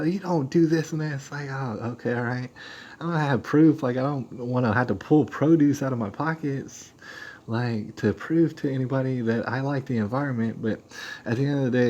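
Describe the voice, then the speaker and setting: A man's voice: medium pitch, darkish tone, dull audio, slight background noise. A man hosting a live stream, telling a story in a rambling, emphatic way and acting out what other people said. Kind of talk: casual storytelling rant.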